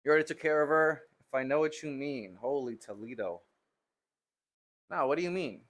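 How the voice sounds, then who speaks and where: A man's voice: fairly high pitch, a little fast, a bit bright. A man chats casually on a live stream while he trains in a home gym. He teases a viewer in a joking way, laughing and sighing between lifts as he catches his breath. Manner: joking, teasing banter with a viewer, laughs and sighs. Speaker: fitness streamer.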